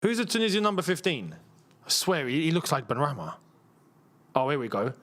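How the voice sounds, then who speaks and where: A man's voice: on the high side, big pitch swings, brisk, a bit bright. A young man hosting a live football watchalong, chatting casually, laughing often and using slangy banter. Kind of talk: casual live match commentary and chat.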